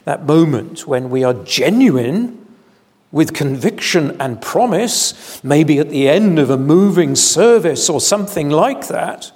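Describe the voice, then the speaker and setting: A man preaching an evening sermon in a church, measured and deliberate, with solemn emphasis. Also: on the high side, animated, a little mellow, slightly rough. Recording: long hall reverb.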